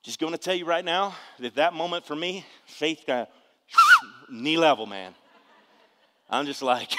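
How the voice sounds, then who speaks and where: A man, preaching a testimony in an animated storytelling way with bursts of shouting. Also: mid-range voice, unhurried, clean tone, long reverb tail. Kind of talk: testimony sermon.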